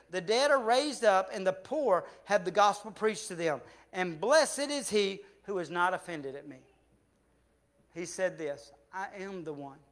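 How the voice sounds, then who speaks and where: High-voiced preaching Southern pastor. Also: male voice. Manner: emphatic preaching, swings from loud to hushed. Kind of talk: sermon. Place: church sanctuary.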